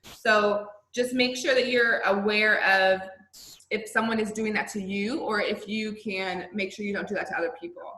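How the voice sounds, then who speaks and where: A woman's voice: medium pitch, fairly even intonation, normal speed, bright, forceful tone, roomy sound, low-quality recording. A woman, a college instructor, giving a recorded online lecture in a conversational way, often checking in with her students. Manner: conversational, checks in with "right?" and "okay?". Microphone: video call.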